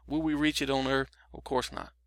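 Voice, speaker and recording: A man's voice: mid-range voice, steady tone, fairly quick, gravelly, a bit bright, dry recording. A middle-aged man giving a casual broadcast Bible teaching, explaining verses in a conversational way with frequent fillers and restarts.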